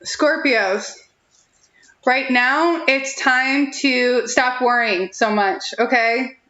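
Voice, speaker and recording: A woman's voice: high-pitched, very slow, pushed and bright, reverberant, highs cut off. A young woman giving a chatty, reassuring tarot reading on a live stream, giggling often between thoughts. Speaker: tarot reader.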